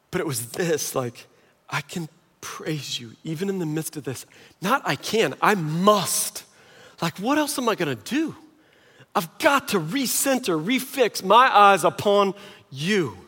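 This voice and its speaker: A middle-aged male pastor preaching a sermon in a conversational, animated way, at times dropping to quiet intensity. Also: a little high, long reverb tail.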